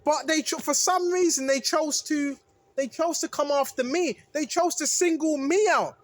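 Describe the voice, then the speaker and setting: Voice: sits high, moderate pace, dry recording. A religious video maker preaching casually to viewers, repeating phrases for emphasis, restarting sentences and often asking "right?". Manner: self-correcting, restarts phrases.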